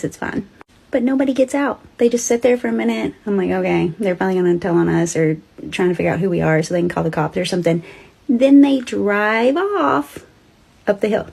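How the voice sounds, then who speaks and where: Woman storyteller, husky, a touch high, chatty and dramatic with ghost tales. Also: normal speed, a little mellow. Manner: chatty, dramatic, addresses listeners as y'all. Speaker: storyteller host. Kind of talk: casual ghost story telling.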